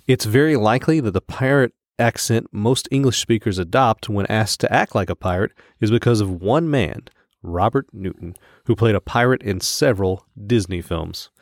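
A man in the middle of a relaxed podcast chat, trading jokes and breaking into laughter. His sentences often stall and restart as he thinks aloud. The recording is close and dry, with no room sound. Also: on the low side, normal speed, no room sound. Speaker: podcast co-host. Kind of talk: casual chat.

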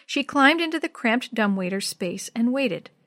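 A woman narrating a children's chapter book aloud in a clear, even storytelling manner. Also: a little high, moderate pace, no echo, clean studio sound.

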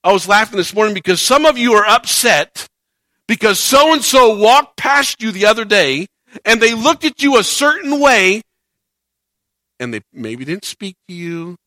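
A man's voice: sits high, big pitch swings, measured pace, pushed and bright, no echo, studio quality. A man preaching a sermon in a conversational way, rising to emphatic points and acting out the quoted voices of churchgoers. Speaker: pastor.

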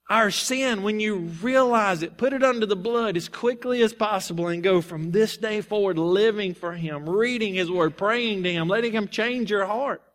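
High-voiced man preaching a sermon. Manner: storytelling, animated, reads scripture aloud.

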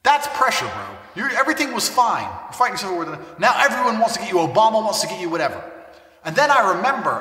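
A man's voice: fairly high pitch, sharp tone. A man talking casually to camera, brash and boastful, swearing freely as he tells a story. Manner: brash, boastful and heavily profane. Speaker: online personality. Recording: echoey room, mic far off.

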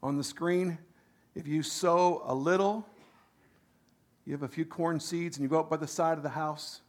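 Animated high-voiced male preacher. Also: normal speed. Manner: animated, swings from loud emphasis to quiet asides, frequent restarts. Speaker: pastor. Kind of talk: sermon.

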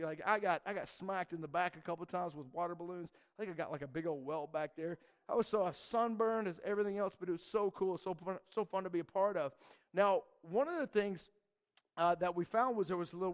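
Speaking in a high voice, a young man who leads a church youth group rambles animatedly through a story for the group, peppering it with "dude" and "man."

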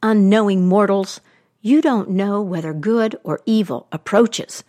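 A woman's voice: mid-range voice, a little slow, warm tone, natural voice. A woman storyteller voicing a stern, commanding harvest goddess in a told myth, speaking with proud authority. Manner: stern, proclaiming.

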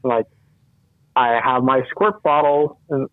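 A man's voice: medium pitch, slow, no room sound, narrow, tinny audio. A man joining a casual podcast chat, talking loosely with lots of "like". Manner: chatty, lots of "like".

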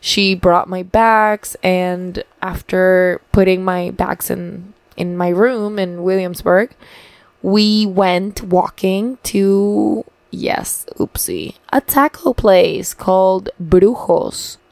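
Slow, chatty young woman from Paraguay. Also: medium pitch, no echo. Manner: chatty, upbeat, swears freely. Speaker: vlogger. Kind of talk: casual video diary.

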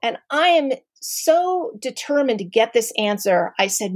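A middle-aged woman telling a personal family story to an audience, candid and animated, with many ums and restarts. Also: on the high side, unhurried, hardly any pauses, no echo, studio quality.

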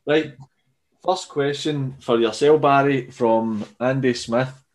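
A man's voice: medium pitch, slow pace, a little mellow. A man with a Scottish accent hosting a casual interview, reading out listener questions. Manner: reads out listener questions, laughs along. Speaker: podcast host.

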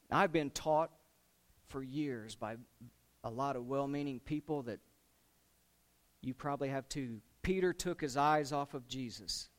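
A man preaching a sermon, retelling a scripture story with lively swings between loud dramatic lines and low, quiet emphasis.

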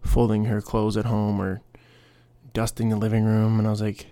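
A man's voice: fairly low pitch, monotone, moderate pace, dark tone, no room sound. A young man hosting a casual solo podcast, rambling through stories with quoted voices and asides. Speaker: podcast host.

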